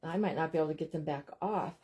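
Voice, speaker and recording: A woman's voice: sits low, quick pace, mellow. A woman hosting a casual crafting livestream from home, chatting to viewers, teasing herself and apologizing often. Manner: chatty, keeps addressing viewers as "you guys"; self-deprecating and apologetic.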